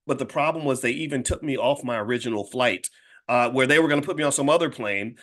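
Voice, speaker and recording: A middle-aged man tells a story from his own life in a casual, conversational way. His voice sits at an ordinary pitch for a man. He often stumbles, restarts and repeats words as he talks. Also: fast talker, a bit bright. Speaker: finance educator and channel host.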